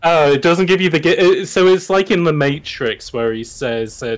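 A man's voice: on the high side, moderate pace. Male streamer, rambling jokey delivery, faint music behind. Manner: rambling, joking, profane. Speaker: streamer co-host. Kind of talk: casual stream chat.

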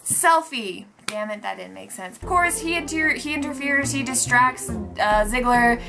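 A young woman reviewing a wrestling show in a casual vlog, excitable, sarcastic and freely swearing. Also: a little high, a little slow, creaky, music in the background. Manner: excitable, sarcastic and profane, with lots of "like" and "oh my god".

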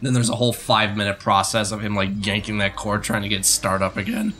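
A man's voice: fairly low pitch, animated, fast, bright, forceful tone, slight background noise. A man co-hosting a let's play, chatting casually, laughing often and swearing freely as he reacts to the game. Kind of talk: casual gaming banter.

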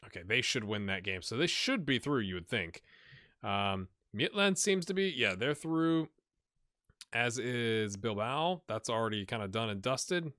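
A man commentates his game in a relaxed let's-play chat, thinking out loud and getting excitable over good results. His voice is bright and forward, recorded close and dry on a desk mic at home. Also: medium pitch, measured pace, dry recording. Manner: chatty, thinking aloud, excitable. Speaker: gaming channel host.

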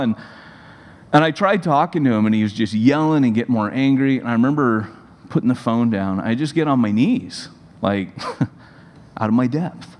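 A man in his forties, a pastor, giving a sermon in a conversational, animated storytelling manner. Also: on the low side, moderate pace. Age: 40s. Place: church sanctuary. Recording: long reverb of a large hall.

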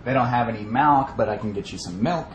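A man's voice: on the low side, lively intonation, rapid-fire, natural voice. A man playing a fussy young man who insists on how a word is said, in a roomy recording. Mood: insistent. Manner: insistent, nitpicking. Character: fussy young man named Josh arguing over a word. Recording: roomy echo with light background noise.

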